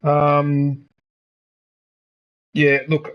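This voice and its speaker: In a very slow, monotone, slightly high voice that still sounds clear and resonant, a man streams a game and comments casually. He gets heated and rants, repeatedly restarting and echoing his own words. The recording is muffled.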